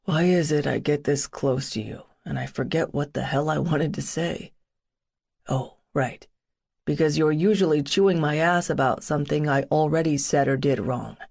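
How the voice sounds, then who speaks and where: A woman voicing a brooding, teasing young man, his lines low, hushed and wry. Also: normal speed, gravelly.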